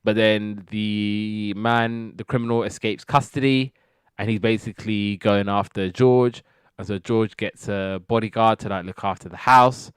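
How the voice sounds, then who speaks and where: A man's voice: fairly low pitch, steady tone, unhurried, clear, resonant tone, no echo, clean studio sound. A man casually recapping TV sitcom episodes, rambling with lots of fillers and slipping into quoted character lines. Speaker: TV review podcast host.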